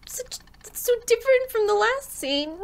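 A woman's voice: extremely high pitch, sing-song, moderate pace, creaky. A young woman streamer giving emotional, tearful commentary on a game, gushing and swearing freely. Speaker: let's play streamer.

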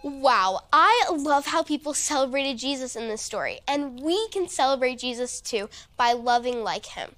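A woman's voice: high-pitched, animated, normal speed, hardly any pauses, fairly bright tone, soft background music. A woman hosting a children's church lesson, speaking in an enthusiastic way and prompting the kids to answer. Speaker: children's program host. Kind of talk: scripted kids' lesson.

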